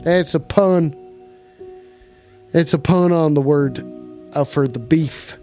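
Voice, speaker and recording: High-voiced man hamming a cowboy drawl. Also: slow pace, mellow, faint music behind. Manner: put-on cowboy drawl, theatrical and joking. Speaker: host of a call-in stream. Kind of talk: casual live call-in chat.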